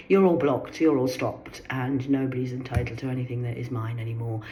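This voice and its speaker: An older woman delivering a rambling personal monologue in her garden, agitated, swearing and swinging between low muttering and sharp outbursts. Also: moderate pace, few pauses, highs cut off. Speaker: vlogger. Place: sitting in her garden outdoors.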